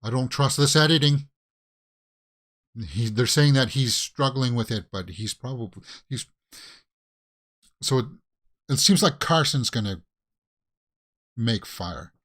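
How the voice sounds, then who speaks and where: A man's voice: mid-range voice, lively intonation, measured pace, pauses often, fairly bright tone. A man with a Canadian accent hosting a casual watch-along reaction, talking back at the screen with pleading, exasperated asides. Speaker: reaction video host.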